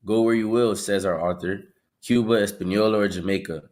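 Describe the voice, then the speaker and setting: A man reading passages aloud during a Bible study, slowly, stumbling over some words. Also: fairly low pitch, fairly even intonation, darkish tone.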